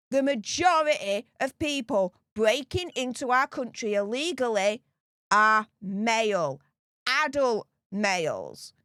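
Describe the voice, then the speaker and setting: A woman's voice: high voice, fairly bright tone, dry recording, studio quality. A woman giving solo political commentary, reading out figures and then firing off indignant, emphatic rhetorical questions. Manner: reads out statistics slowly, checking in with "okay?".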